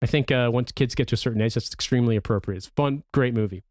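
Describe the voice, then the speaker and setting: A man in his thirties chats as a podcast co-host, and he tells stories in a lively way, slipping into impressions and swearing casually. His pitch sits in the middle range. He is recorded close on a dry mic. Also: fast, no echo. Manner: animated storyteller, swears, mimics movie lines. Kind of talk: casual chat.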